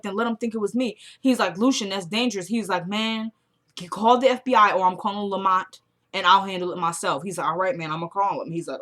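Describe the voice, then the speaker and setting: A young woman casually recapping a TV episode, retelling the scenes by quoting the characters and getting loud and excited at the twists. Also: mid-range voice. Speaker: TV recap vlogger.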